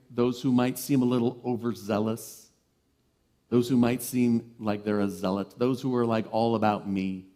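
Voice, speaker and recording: Warm, playful male reverend. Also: medium pitch. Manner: animated, playful, lively storyteller. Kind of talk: sermon.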